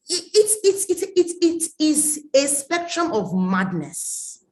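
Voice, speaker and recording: A woman's voice: high-pitched, big pitch swings, takes it slowly, darkish tone. A woman, giving an emphatic online coaching talk, scolding and repeating her warnings. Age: late 30s. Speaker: mentoring coach.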